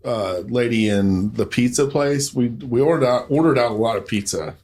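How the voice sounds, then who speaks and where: A man's voice: medium pitch, normal speed, darkish tone. Joking man co-hosting a podcast. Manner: easygoing storyteller, joking asides. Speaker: podcast co-host. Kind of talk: casual chat.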